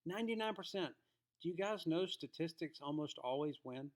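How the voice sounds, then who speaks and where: A man's voice: on the high side, expressive, a little fast. Folksy, emphatic male trading teacher. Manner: emphatic, folksy, acts out quotes. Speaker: trading educator. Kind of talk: casual spoken lesson to viewers.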